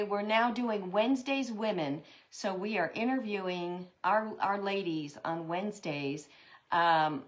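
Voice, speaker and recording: A woman's voice: mid-range voice, a bit bright. A woman hosting a live craft tutorial, chatting with viewers in an upbeat way while she works. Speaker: craft host.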